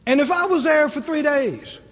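The room leaves a long reverb tail as a man from the American South, Southern accent and all, preaches energetically at normal speed. His pitch is extremely high, and he poses rhetorical questions while performing different voices.

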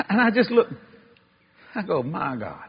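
A man preaching a sermon, telling a story in a folksy way with y'all and ain't, swinging from loud exclaiming to low hushed tones. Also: very animated, slow, gravelly, breathy edge, dull audio. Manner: folksy Southern-style speech with y'all and ain't.

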